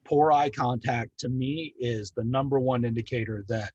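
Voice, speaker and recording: A middle-aged man training hospice staff, talking calmly and steadily, with frequent ums. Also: medium pitch, slightly rough, dry recording, highs cut off. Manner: calm, measured, with frequent ums.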